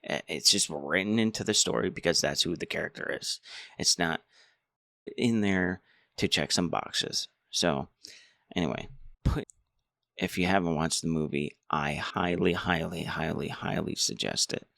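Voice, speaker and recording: A man's voice: low-pitched, unhurried, gravelly, fairly bright tone, no echo, clean studio sound. A man rambling casually through a movie review. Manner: rambling, many restarts. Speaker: movie commentator.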